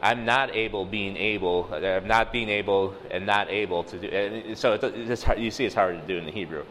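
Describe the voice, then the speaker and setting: Low-voiced man preaching conversationally. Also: moderate pace, a bit bright, in a large hall, slight background noise, low-quality recording. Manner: conversational, many fillers, acts out quoted dialogue. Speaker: lay preacher. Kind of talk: casual sermon teaching.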